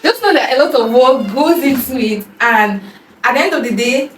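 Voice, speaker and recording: A young adult woman vlogging in a casual, excited, slangy way about her year and unboxing gifts. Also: sits high, moderate pace, faint music behind. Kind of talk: casual vlog chat. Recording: echoey room from a distance.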